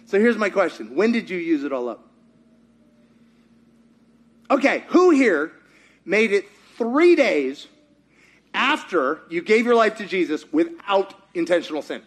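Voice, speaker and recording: A man's voice: high voice, very animated, moderate pace. A man preaching a sermon in church, joking and asking his congregation questions. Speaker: pastor.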